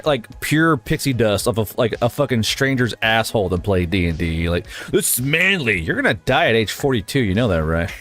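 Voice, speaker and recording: A man's voice: lowish voice, brisk, hardly any pauses. A man co-hosting a casual podcast, ranting and telling stories with lots of swearing. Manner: animated, profane ranting storyteller. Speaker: podcast co-host.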